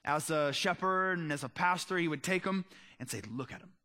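A male pastor preaching a sermon in an earnest, conversational way, often slowing down for emphasis. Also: a little high, sharp tone.

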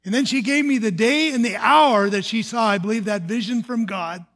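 Here an older pastor, whose voice is markedly high and a little bright, relates his own testimony. His sermon-style storytelling is plain and heartfelt, broken up by halting restarts and fillers.

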